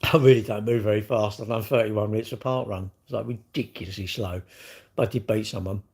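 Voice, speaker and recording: A man's voice: lowish voice, fairly even intonation, fairly quick, darkish tone, breathy edge. A middle-aged man, chatting casually on a livestream in a rambling, blunt way with lots of slang. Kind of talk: casual livestream chat reading viewer comments.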